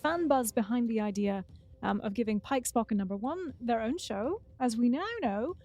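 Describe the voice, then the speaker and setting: A woman co-hosting a podcast in casual chat, running the news and plugs briskly with light humor. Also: on the high side, lively intonation, warm tone, faint music behind. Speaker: podcast co-host.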